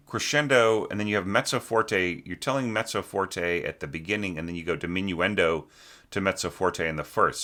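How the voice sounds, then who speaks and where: A man's voice: deep voice, pushed and bright. A man teaching orchestration, critiquing a student's score in a rambling, conversational way, often asking "right?" and sometimes singing a phrase to show it. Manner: sings short phrases to show a melody.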